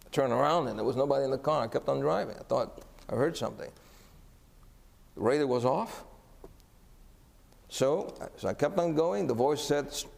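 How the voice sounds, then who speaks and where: A man's voice: medium pitch, vocal fry, darkish tone. A man preaching as a pastor, telling a story earnestly and asking the congregation questions. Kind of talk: sermon storytelling. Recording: echoey hall.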